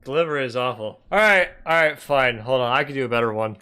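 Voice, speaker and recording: A man's voice: mid-range voice, expressive, quick pace, bright, forceful tone, smooth. A man hosting a reaction commentary, heckling a played speech sarcastically. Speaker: host.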